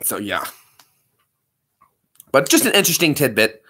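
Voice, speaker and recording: A man's voice: mid-range voice, big pitch swings, a little slow, sharp tone, husky. A man in his thirties hosting a livestream, rambling and joking as he answers chat. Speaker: livestream host.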